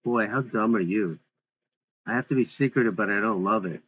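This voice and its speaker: A man reading the part of a defiant, sharp-tongued young woman, with blunt, mocking retorts. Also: on the low side, fairly quick, dull audio, a little hiss or hum, natural voice.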